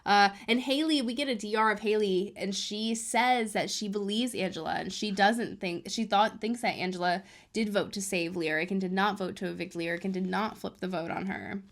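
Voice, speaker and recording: A woman talks through a reality show episode in a loose, chatty recap. She keeps adding fillers as she retells each moment. Her voice sits at an ordinary middle pitch. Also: moderate pace, hardly any pauses. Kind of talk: casual recap monologue.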